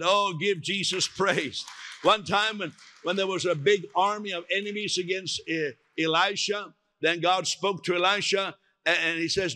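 An older man preaching a sermon as pastor, emphatic and animated, acting out quotes along the way. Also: fairly high pitch.

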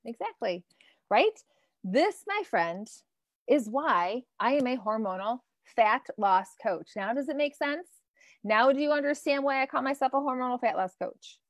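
Woman, 30s, nutrition coach; high voice, chatty and animated, salty language, close dry mic. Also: normal speed, no echo. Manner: animated, casual, swears freely, reacts to viewer comments. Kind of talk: live-streamed coaching talk.

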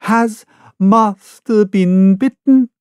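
A man's voice: high-pitched, extremely slow, a little mellow, smooth, no room sound, pitched above the performer's own voice. A man voicing a devoted young male servant who speaks in a raised, eager and polite voice in an audiobook reading. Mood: surprised.

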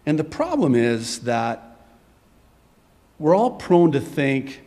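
A man preaching a sermon in an animated way, dropping to a whisper for dramatic effect. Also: fairly high pitch, takes it slowly, pauses often, long reverb tail. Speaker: pastor.

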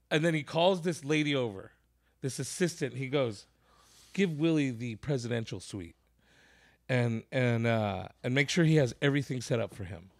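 A man hosting a podcast, telling a long comedy anecdote in a casual, profane way and acting out the people in it. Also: on the high side. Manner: animated, profane, acts out voices in his stories. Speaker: podcast host. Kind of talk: casual storytelling.

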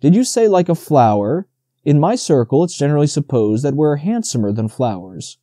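A man's voice: fairly high pitch, big pitch swings, moderate pace, dark tone, dry recording, clean studio sound. A man voicing a vain male butterfly who speaks in an affected, haughty manner in a storybook reading.

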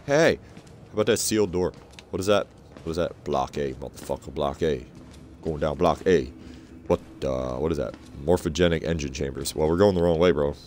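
A man with a low, deep voice talks through a horror game in let's play style. He swears freely and makes sarcastic quips. He keeps reacting with disgust at what he sees. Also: a little fast, a little mellow, a little hiss or hum. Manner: sarcastic, profane, easily grossed out. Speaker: gaming video creator.

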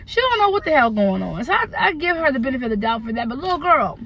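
A woman's voice: sits high, big pitch swings, fast, gravelly, lo-fi sound. An American woman in her thirties, a mother vlogging from her car, venting bluntly and frankly about her kids with some cursing. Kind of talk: candid venting car chat. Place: parked car, then driving home.

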